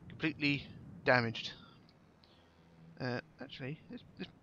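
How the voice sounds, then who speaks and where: A man's voice: mid-range voice, unhurried, pushed and bright, highs cut off, slight background noise. A man giving casual, chatty commentary while playing a game, swearing now and then and thinking aloud. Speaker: gameplay commentator.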